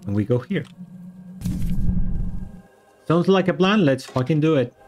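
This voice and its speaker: A man streaming a game, excitable and swearing, yelling at the monster and switching between English and Spanish. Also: fairly high pitch, measured pace, soft background music. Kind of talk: live gameplay commentary.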